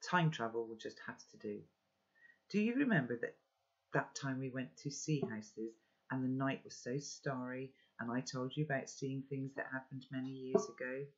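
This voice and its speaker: A man's voice: mid-range voice, moderate pace, lightly acted. A man reading a loving father's letter to his son aloud, earnest and instructive. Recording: dull, lo-fi recording.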